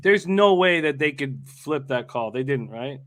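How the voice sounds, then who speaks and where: A man's voice: mid-range voice, lively intonation, measured pace, fairly bright tone. A young man co-hosting a live betting watch party in casual chat, rambling with many fillers and restarts.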